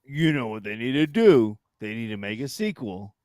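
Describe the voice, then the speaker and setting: A man co-hosting a casual comedy chat show, animated, acting out silly voices and swearing freely. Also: mid-range voice, normal speed, no room sound. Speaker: podcast co-host.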